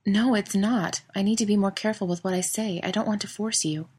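A woman reading the lines of a young adult man, soft, apologetic and eager. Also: medium pitch, steady tone, fairly quick, breathy edge, pitched above the performer's own voice, close to an everyday voice. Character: young adult man, gentle and anxious lover.

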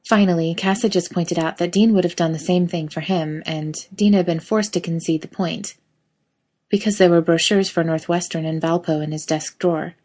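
Low-voiced woman reading fiction aloud. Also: steady tone, normal speed, darkish tone. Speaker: narrator.

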